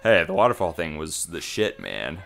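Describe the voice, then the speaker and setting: A man's voice: low-pitched, very animated, normal speed, creaky, heavy background noise. A man co-hosting a let's-play with casual commentary and joking, laughing banter.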